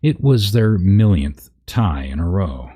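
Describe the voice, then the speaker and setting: Very deep, husky man reading a comic story. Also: big pitch swings, slow pace, mellow. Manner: reads aloud with wry asides at misread words. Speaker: narrator.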